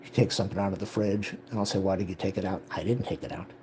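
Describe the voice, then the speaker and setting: A man's voice: deep voice, steady tone, fast talker, a little mellow, a little hiss or hum, low-quality recording. A man telling a personal life update, heatedly retelling a family conflict and quoting the people involved. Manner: emotional, retelling family conflict with quoted dialogue. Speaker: vlogger.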